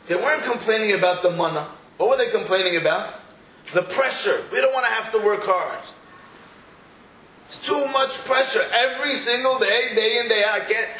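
A man giving an animated Torah class, telling stories and acting out the people he quotes. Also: sits high. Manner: animated storytelling with quoted voices. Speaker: rabbi. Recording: roomy echo with faint room noise.

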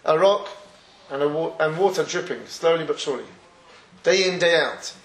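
High, lively man teaching Torah. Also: normal speed, reverberant, poor audio. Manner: animated storytelling, laughs often. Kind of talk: Torah class.

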